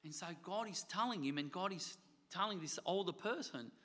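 A man's voice: high voice, expressive, moderate pace, bright, forceful tone. A man preaching a sermon to his church. He talks earnestly, repeats phrases and asks the congregation rhetorical questions. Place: church hall. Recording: long hall reverb.

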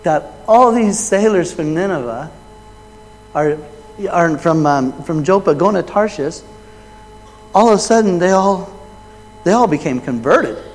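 A man preaching a sermon and retelling a Bible story. He swings between loud, raised quoted lines and quiet, low asides. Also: expressive, unhurried, pauses often, a little hiss or hum. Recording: long hall reverb.

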